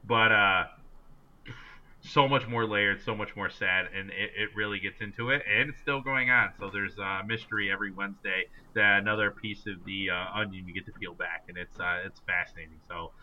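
A man's voice: fairly low pitch, steady tone, moderate pace, dull audio, slight background noise. A man co-hosting a casual sports podcast, telling stories with plenty of ums and uhs. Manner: chatty storyteller, many fillers. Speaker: podcast co-host. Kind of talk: casual chat.

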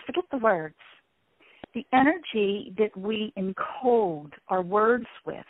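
A woman's voice: mid-range voice, no room sound. A woman guest in an interview, explaining ideas and shifting her tone to show different ways of speaking. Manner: demonstrates voices by shifting tone. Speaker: sound healing guest. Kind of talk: interview conversation. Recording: tinny phone-like line, dry.

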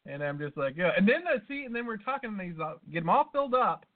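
High-voiced rambling guy on a tinny line. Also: sing-song, quick pace. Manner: rambling storyteller, lots of swearing and asides. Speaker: podcast co-host. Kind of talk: casual comedic chat. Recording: tinny phone-like sound.

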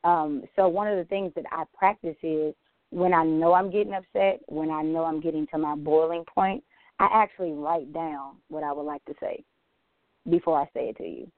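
A woman's voice: low-pitched, moderate pace, dry recording. A woman on a church women's panel, candidly telling stories about anger and acting out her own quoted lines. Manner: candid, animated storytelling with quoted asides. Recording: tinny phone-line audio, dry.

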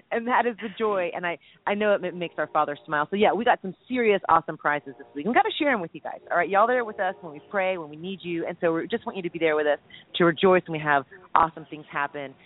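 A man co-hosting a casual radio chat, quick and jokey, excitable in his delivery. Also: high-pitched. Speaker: co-host. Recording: tinny phone-like radio sound.

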